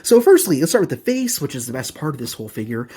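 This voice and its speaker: An excitable reviewer chats through an unboxing at home, gushing and rambling into asides. The voice is a bit husky, and the pitch bounces all over with enthusiasm. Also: fast talker. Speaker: collectibles reviewer. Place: home apartment.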